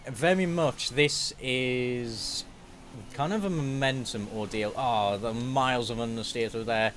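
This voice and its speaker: Excitable man commentating a race game. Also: medium pitch, unhurried, a little hiss or hum. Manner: excitable play-by-play, swears when frustrated. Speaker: gaming YouTuber. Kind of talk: live racing game commentary.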